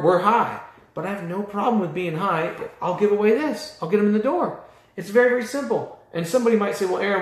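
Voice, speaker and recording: A man's voice: a little high, roomy sound. A man coaching auto repair shop owners in a fired-up, blunt, mildly profane motivational talk.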